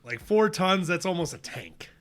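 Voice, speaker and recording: A man co-hosting a casual podcast, animated and laughing often as he reads his notes aloud. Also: high voice, moderate pace. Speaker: podcast co-host. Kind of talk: casual chat.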